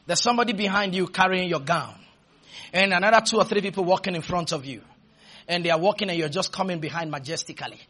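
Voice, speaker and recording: A man preaching a sermon, stretching his words out and shouting, then leading the congregation in call-and-response. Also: high voice, quick pace, slightly rough.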